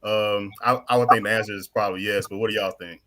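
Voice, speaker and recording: Host, man, low pitch, measured questioning tone. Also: steady tone, bright, forceful tone. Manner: measured, poses questions to the group. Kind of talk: casual discussion.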